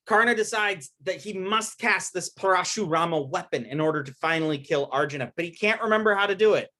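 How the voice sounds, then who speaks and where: A man's voice: high-pitched, a little fast, pushed and bright. A man giving a casual recorded lecture, retelling an epic in an informal, storytelling way with slang.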